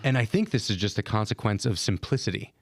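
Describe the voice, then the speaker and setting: A man joining a podcast conversation as a guest, relaxed and jokey. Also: fairly low pitch, fast talker, dry recording, clean studio sound. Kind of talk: casual conversational discussion.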